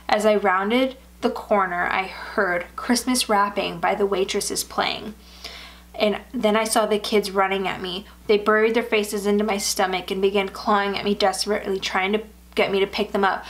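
A woman reads a first-person horror story aloud. Her delivery is steady and measured, and her voice sits at a middling pitch for a woman. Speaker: story narrator.

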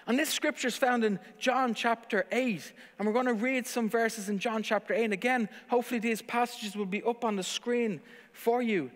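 A man's voice: extremely high pitch, fairly even intonation, moderate pace. A man preaching a sermon as pastor, earnest and emphatic, posing rhetorical questions. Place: church service, streamed online. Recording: long church-hall reverb.

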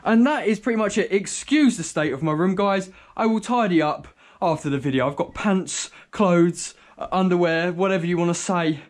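A man's voice: sits high, moderate pace, no room sound. A young man filming a casual vlog on a handheld phone, chatting to his viewers in a rambling way and calling them guys. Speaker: vlogger. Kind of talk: casual vlog chat to camera. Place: home, then outdoors by a car.

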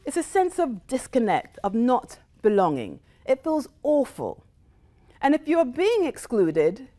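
Woman, middle-aged, grew up in the United States, motivational talk, animated storyteller, varied pitch. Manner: animated storyteller, shifting into quoted voices. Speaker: guest speaker. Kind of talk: motivational talk to a live audience.

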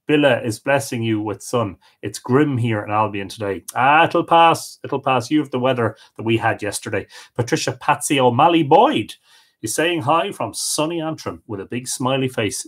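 An Irish man hosting a live stream, reading out viewer comments and greeting each person, sometimes stumbling over unfamiliar names. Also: mid-range voice. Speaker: host of a live storytelling stream.

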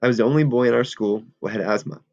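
A man's voice: mid-range voice, fast talker, a little mellow, close to an everyday voice. A man reading aloud and voicing an anxious, chubby asthmatic schoolboy with eager, working-class talk. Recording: dull lo-fi recording.

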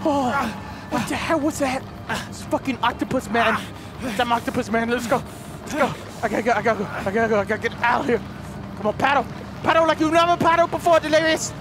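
A man with a hoarse voice giving jumpy, swearing let's play commentary, yelling and laughing as he reacts to a horror game. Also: extremely high pitch, noisy background. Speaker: gaming video host. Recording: game sounds under the voice.

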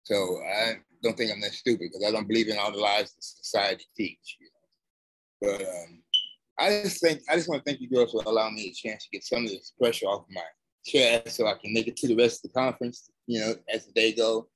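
A man giving an emotional personal account on an online panel, halting and searching for words, sounding aggrieved. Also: on the low side, a bit bright, no echo, rough recording. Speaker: conference attendee.

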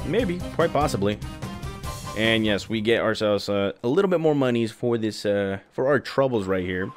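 A man's voice: fairly low pitch, animated, unhurried, soft background music. A man giving casual commentary over a video game walkthrough, talking straight to his viewers. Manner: chatty, talks to viewers as guys. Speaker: gaming youtuber.

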